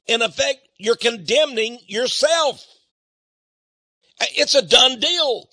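Animated older male preacher, bright voice. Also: very high-pitched, slow, husky, no echo, studio quality. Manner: animated, acts out quoted speakers, swings loud and soft. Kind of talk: sermon.

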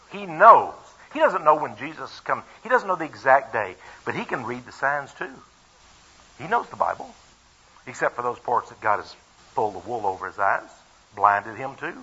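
A man preaches and tells a Bible story in a folksy, emphatic way, chuckling now and then. His voice is bright, a little high and husky. It comes through a dull, lo-fi radio broadcast. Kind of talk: sermon retelling a Bible story.

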